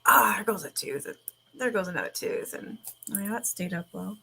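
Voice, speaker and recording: A woman's voice: medium pitch, lively intonation, normal speed, vocal fry, sharp tone, breathy edge. A woman chatting casually, rambling, swearing freely and laughing often. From Canada. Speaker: streamer. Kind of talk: casual chat.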